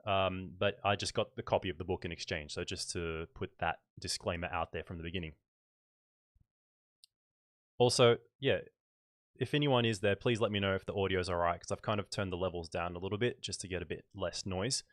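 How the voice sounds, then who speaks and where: An Australian man with a light accent hosting a casual photography livestream, chatting in a relaxed way and thinking aloud with fillers. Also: low voice, fairly quick, no room sound.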